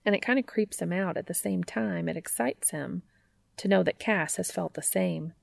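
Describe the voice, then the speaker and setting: A woman narrating a fan fiction story in a calm, intimate storytelling manner. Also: lowish voice, normal speed, vocal fry.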